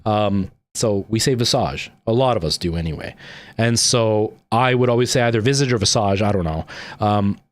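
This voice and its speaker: A man with a Canadian accent and a lowish voice chats casually with live-stream viewers at a moderate pace. He rambles along, using plenty of "like" and "um."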